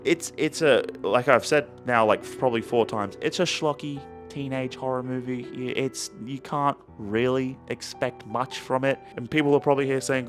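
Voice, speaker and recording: A young man cracks jokes through a casual movie review, rambling and swearing freely as he restarts his thoughts mid-sentence. His voice sits at an ordinary middle pitch. A faint guitar plays behind him. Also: steady tone, moderate pace, a bit bright. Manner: rambling, profane, jokey with self-interrupting restarts.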